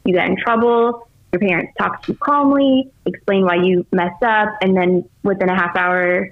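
A woman's voice: medium pitch, moderate pace. A middle-aged woman, a podcast guest, chatting casually with many filler words. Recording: tinny phone-line sound.

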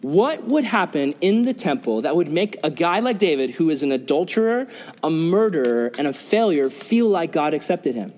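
A young youth pastor preaches a sermon to a youth group, earnestly and often putting questions to the audience. His higher-side voice is very animated with a darkish tone at normal speed, and the hall adds long reverb.

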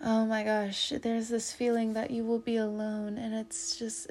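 A woman's voice: a little high, monotone, a little slow, gravelly, a little mellow. A woman giving a casual tarot reading straight to her listener. She laughs often and calls the listener fam and homie. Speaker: tarot reader.

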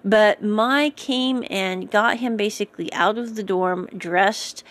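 A woman's voice: medium pitch, slow, a bit bright. A woman giving a casual episode recap, chatty and digressive, often correcting herself and drifting into asides. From United States.

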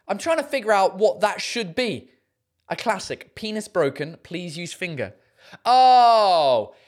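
Casual swearing and bursts of high, amused laughter fill this podcast host's relaxed show as they read out listener messages. When French or German words come up, they sound them out slowly.

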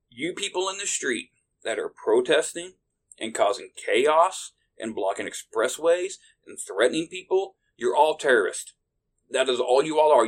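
Profane, heated man ranting on a podcast. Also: mid-range voice. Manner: profane, heated, shouting bursts. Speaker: podcast host. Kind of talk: angry political rant.

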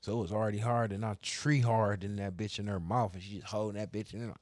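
A man telling crude stories in casual chat, animated and profane, acting out both sides of conversations. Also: lowish voice, fast talker, dry recording, clean studio sound. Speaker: podcast co-host telling stories.

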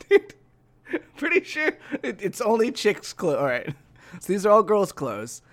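Animated young man in casual banter. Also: sits high, unhurried. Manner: animated, self-mocking, calls listeners "dude" and "guys". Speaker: podcast co-host. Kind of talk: casual chat.

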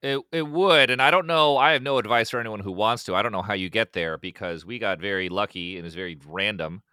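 A man's voice: on the low side, fast, bright, forceful tone, smooth, dry recording, clean studio sound. A young man, a musician guest, chatting casually on a podcast, rambling with restarts and swearing. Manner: rambling, profane, many restarts and acted-out quotes.

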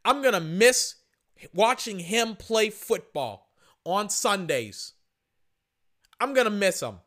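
A man hosting a podcast, passionately ranting about sports in an emphatic, repetitive way, his voice hoarse and worn from shouting. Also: high-pitched, sing-song, slow pace. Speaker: podcast host. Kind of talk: sports opinion rant.

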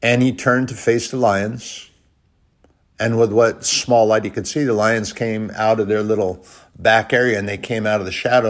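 A man preaching a sermon, retelling a Bible story and reading scripture aloud, rising to loud bursts and dropping to quiet, slow lines. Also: lowish voice. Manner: reads scripture in old-fashioned phrasing.

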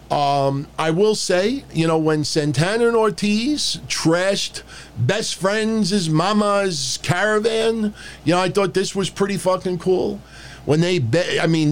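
Male podcast host, fairly high voice, animated and crude, casual rant delivery. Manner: blunt, profane, mocking, animated.

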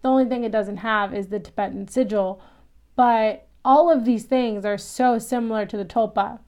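A woman casually recapping a TV episode, chatty and animated, laughing often and acting out quoted lines. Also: fairly high pitch, moderate pace.

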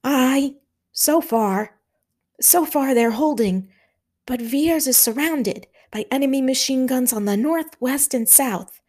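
A woman's voice: high voice, slow, a little mellow, voice pushed up. A woman voicing a grave male army officer who bellows urgently over the noise of battle. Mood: urgent shouting.

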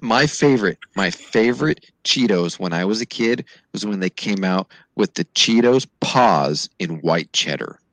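A man from Southern California co-hosting a podcast, telling childhood memories in quick, animated bursts. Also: lowish voice, no room sound. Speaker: podcast co-host. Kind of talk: casual nostalgic chat. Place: podcast studio.

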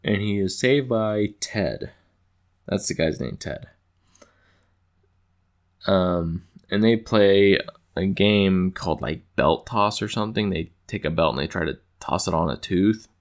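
A man's voice: deep voice, lively intonation, unhurried. A man casually recapping an episode in a rambling, amused way with lots of fillers. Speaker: show recapper.

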